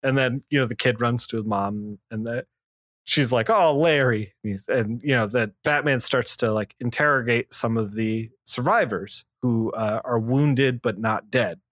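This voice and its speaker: A man's voice: normal speed, fairly bright tone, no room sound. Podcast co-host, male, rambling plot recaps, dry close mic. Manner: recaps plots loosely with many fillers and restarts; acts out character lines in a lower voice. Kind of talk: casual comic book discussion.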